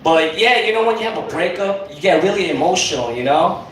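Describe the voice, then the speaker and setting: His voice sits high with lively intonation as this young man works a comedy club stage at a brisk clip. The set is rambling and profane, heavy with filler words, captured by a distant mic in an echoey club while the audience laughs.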